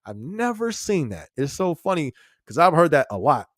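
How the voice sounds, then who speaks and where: A man's voice: fairly high pitch, sing-song, normal speed, dry recording, clean studio sound. A man hosting a casual live-stream podcast, talking in a loose, slangy way and chuckling often while he answers viewers' comments. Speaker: podcast host.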